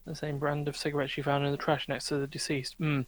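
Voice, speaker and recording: Podcast host, male, relaxed, reads game dialogue aloud, fairly high voice. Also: fast talker. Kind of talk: casual let's-play chat and game text reading.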